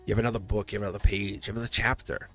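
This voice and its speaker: A man's voice: lowish voice, level tone, very fast, a bit bright, faint music behind. A man hosting a casual live-stream tarot reading, rambling and restarting his sentences, often laughing as he talks. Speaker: live tarot reader and channel host.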